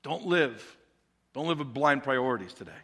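A man's voice: medium pitch, lively intonation, normal speed, sharp tone, husky. A male pastor preaching a conversational sermon in a church sanctuary, talking the congregation through an illustration and posing questions to them. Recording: long hall reverb.

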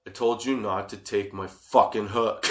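A man's voice: fairly low pitch, takes it slowly, a bit bright. A man in his thirties telling a workplace story as a casual monologue, swearing freely and laughing often.

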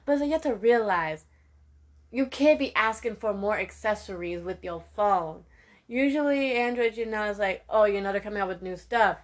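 A teenage girl giving a sassy, animated rant to her viewers, with laughing asides. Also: mid-range voice, moderate pace. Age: teens. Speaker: vlogger. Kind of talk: casual rant to camera.

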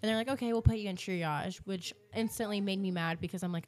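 A young woman co-hosting a podcast, chatty and animated as she retells a story with many fillers. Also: fairly low pitch, a little fast, few pauses. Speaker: podcast co-host. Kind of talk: casual storytelling chat.

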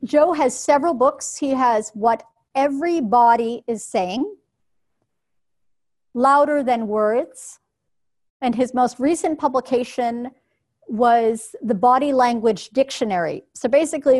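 A woman giving a workshop talk to a live audience in a clear, instructive, measured way. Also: fairly high pitch, a little mellow. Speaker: workshop presenter.

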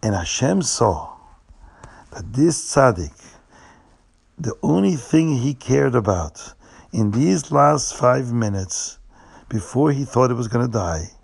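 A man telling a religious story to children, animated and repeating words for emphasis. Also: mid-range voice, takes it slowly, creaky, long pauses, husky.

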